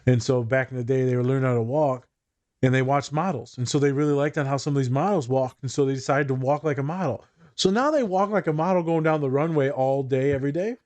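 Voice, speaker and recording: A man's voice: mid-range voice, fast, a little mellow, dry recording. A man, a teacher, chatting casually on a podcast, laid-back and swearing freely. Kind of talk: casual chat.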